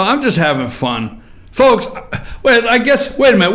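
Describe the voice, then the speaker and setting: Excitable man hosting political talk. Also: sits high, a little slow. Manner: loud, jokey and excitable, drifting into song. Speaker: talk show host. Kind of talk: political opinion talk show monologue.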